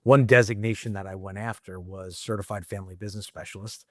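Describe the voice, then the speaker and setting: A man's voice: on the low side, steady tone, fast, no echo, clean studio sound. A middle-aged man talking candidly as a podcast guest, casual and rambling, swearing freely. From United States. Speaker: guest entrepreneur.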